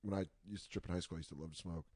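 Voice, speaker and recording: A comedian on a podcast in casual chat, telling a rambling, profane story. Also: male voice, low-pitched, fairly even intonation, very fast, a little mellow, dry recording.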